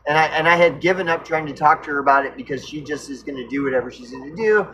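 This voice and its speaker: A man's voice: a little high, fast, sharp tone, a little hiss or hum, rough recording. A man telling a personal story in a rambling, profane, repetitive way. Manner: rambling, profane, repeats himself. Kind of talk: casual storytelling monologue.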